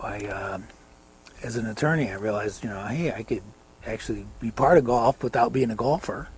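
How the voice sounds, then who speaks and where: In a casual interview, an older American man rambles through golf anecdotes, chuckling from time to time. He speaks a little fast in a fairly low, slightly rough voice.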